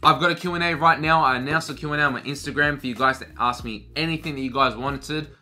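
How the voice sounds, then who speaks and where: A man's voice: a little high, fast talker, pushed and bright, soft background music. A young man chatting casually in a Q&A vlog, loose and slangy, swearing freely and talking between bites of cereal. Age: young adult. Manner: talks while eating cereal. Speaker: fashion vlogger. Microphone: camera mic.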